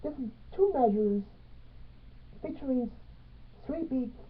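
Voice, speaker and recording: Woman slowly explaining music theory, counts beats out loud, tinny phone-like sound. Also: high-pitched, expressive. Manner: halting, counts beats aloud and stresses them. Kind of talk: piano music theory tutorial.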